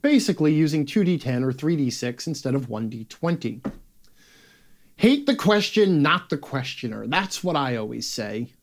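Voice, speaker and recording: A man reading his own game design column aloud as a rant, sarcastic and profane, lurching between loud outbursts and muttered asides. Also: a little high. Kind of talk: ranting read-aloud of a written column.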